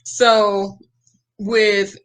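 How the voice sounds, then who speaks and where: A woman's voice: medium pitch, little pitch movement, very slow. Encouraging woman podcast host. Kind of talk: casual interview conversation.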